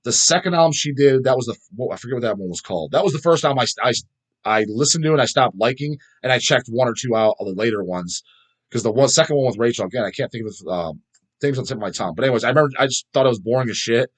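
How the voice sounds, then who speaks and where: A man talks quickly and loosely, swearing freely and circling back when a name slips his mind. His voice sits at an ordinary middle pitch. He sounds like a host chatting casually through listener comments on his own show. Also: expressive. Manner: rambling, profane, trails off searching for names. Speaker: podcast host reading viewer comments. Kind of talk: casual chat.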